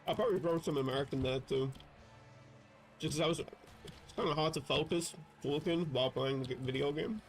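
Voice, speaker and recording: A man's voice: on the high side, a little fast. A man chatting casually while playing a video game on a livestream, rambling and correcting himself with wry asides. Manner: rambling, self-interrupting, wry. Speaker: streamer.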